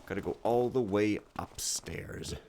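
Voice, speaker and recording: A man's voice: fairly low pitch, measured pace. A man casually commenting while he plays a game, joking and sarcastic in a rambling way. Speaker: let's play host.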